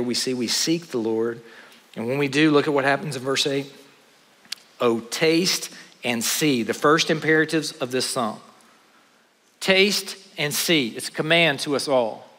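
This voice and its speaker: A man preaching a sermon with dynamic delivery, rising to loud exclamations and dropping to hushed asides. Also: on the high side. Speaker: pastor. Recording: long hall reverb.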